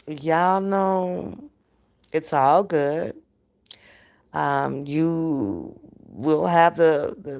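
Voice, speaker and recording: A woman hosting her own channel in a casual, profane livestream rant, animated and laughing often. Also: deep voice, gravelly. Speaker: channel host.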